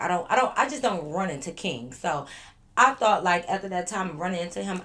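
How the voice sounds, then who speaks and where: A woman vlogger telling a casual storytime straight to her viewers from her living room, chatty with lively asides. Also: lowish voice.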